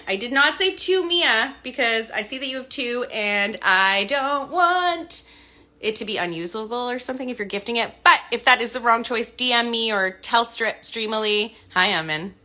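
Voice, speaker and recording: A bright, bubbly Canadian voice actor who spent part of her childhood in Scotland chats casually on a livestream while signing autographs. Her voice is mid-range. She talks freely and thinks aloud as she signs.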